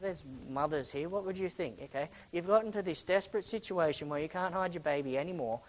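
A preacher teaching from a Bible passage, reading scripture aloud and retelling it dramatically with many rhetorical questions, often swinging between loud and hushed. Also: medium pitch, brisk, rough recording.

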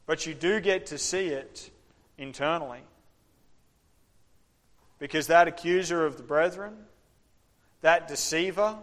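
Animated male preacher in an echoing hall. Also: high-pitched. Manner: animated preaching, acts out voices. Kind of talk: interactive sermon. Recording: long hall reverb.

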